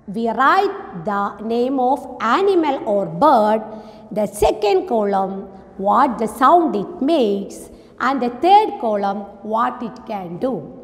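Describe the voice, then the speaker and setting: A woman teacher with an Indian English accent speaks to young children in a very slow, deliberate sing-song. Her voice sits fairly high and keeps circling back with simple, coaxing questions. A long reverb trails behind every line. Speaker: primary school English teacher. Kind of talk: sing-song rhyme recitation and class instruction.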